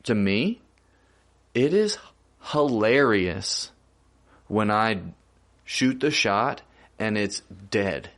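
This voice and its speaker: Young man, low voice, laid-back, musing casual chat. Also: expressive, very slow, long pauses, fairly bright tone. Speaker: podcast co-host.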